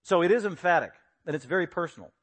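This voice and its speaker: A man preaching an expository sermon, lively and acting out the voices he quotes with sudden loud bursts. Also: on the high side, quick pace. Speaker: pastor.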